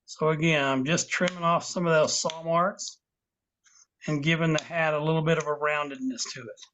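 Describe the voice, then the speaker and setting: A man with a slightly high voice walks his students through a carving, one patient step at a time. The sound is a dull, lo-fi video call feed. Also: steady tone, normal speed, a bit bright, slight background noise. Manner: patient, step-by-step explaining with asides. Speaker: woodcarving instructor. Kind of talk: live online class demonstration.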